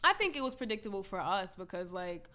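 A woman co-hosting a casual podcast chat, animated and profane, acting out quotes and laughing as she talks. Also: medium pitch, fast talker. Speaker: podcast co-host.

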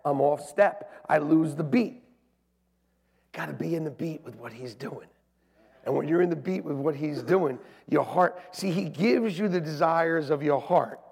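Man, pastor, animated storytelling sermon, gravelly husky voice, long church-hall reverb. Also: high-pitched. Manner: animated, acts out quoted voices, swings loud and soft. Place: church sanctuary.

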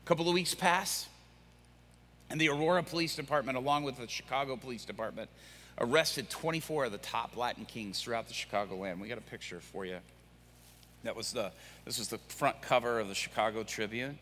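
A male pastor preaching, telling a story with lively acted-out quotes. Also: mid-range voice, brisk, a little hiss or hum. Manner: animated, acts out quoted voices. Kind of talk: sermon storytelling. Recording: echoey hall.

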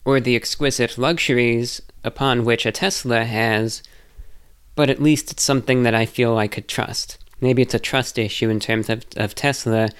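A man's voice: mid-range voice, smooth. A man answering viewer questions in a casual, rambling monologue, hesitant and self-reflective.

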